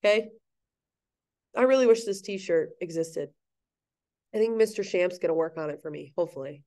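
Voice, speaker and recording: A woman's voice: on the low side, normal speed, warm tone. A woman teacher giving a recorded history lecture in an empty classroom, playful, jokey and chatty.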